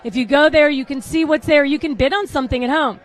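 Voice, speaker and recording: A woman's voice: high-pitched, fast. A woman hosting a live red carpet pre-show, chatty and easily distracted as she talks to the camera. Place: red carpet at a salon event.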